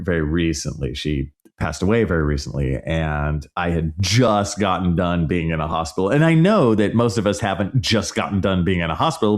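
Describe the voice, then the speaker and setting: Exasperated man ranting on a podcast. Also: low-pitched. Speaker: podcast host. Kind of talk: casual solo podcast movie review.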